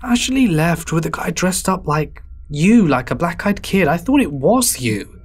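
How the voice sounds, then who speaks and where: A man's voice: a little high, big pitch swings, a little slow, breathy edge, pitched above the performer's own voice, heavily acted. A man voicing a careless young male friend who talks in a casual, offhand way.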